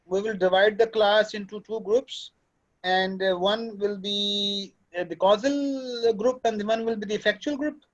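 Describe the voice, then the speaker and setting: A man's voice: high voice, fairly even intonation, measured pace, low-quality recording. A man lecturing students in a paternal way, slipping into at times. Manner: fatherly, lecturing, switches into Urdu. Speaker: course director and lecturer. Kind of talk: classroom talk to students. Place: classroom.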